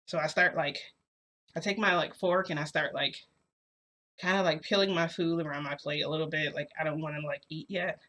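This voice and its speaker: Young woman, storytime vlogger: bright tone, chatty and loose, lots of "like," addresses viewers directly. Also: deep voice, steady tone, brisk. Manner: chatty, peppered with "like" and "you know"; talks straight to viewers. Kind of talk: casual first-person storytelling.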